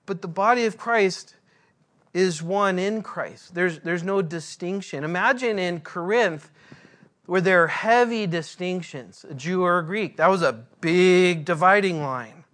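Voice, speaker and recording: A man preaching a sermon in a church as pastor, earnest and deliberate, drawing out his phrases. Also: sits high, fairly bright tone.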